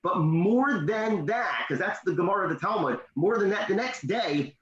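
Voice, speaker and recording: Guy on a video call telling parenting stories, lively, kinda high voice, echoey muffled sound. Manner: animated, with emphatic pauses and tips. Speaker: motivational speaker. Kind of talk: storytelling advice in a conversation.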